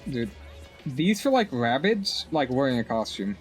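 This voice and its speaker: A man's voice: mid-range voice, big pitch swings, measured pace, faint music behind. A man giving casual game commentary, rambling and stammering, with profane asides. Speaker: streamer.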